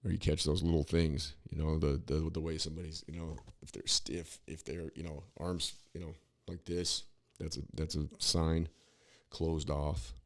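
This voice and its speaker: Deep gravelly man, opinionated podcast talk. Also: level tone, moderate pace, no echo. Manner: rambling, opinionated, many restarts and "you know"s. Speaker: podcast co-host. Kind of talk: casual political commentary.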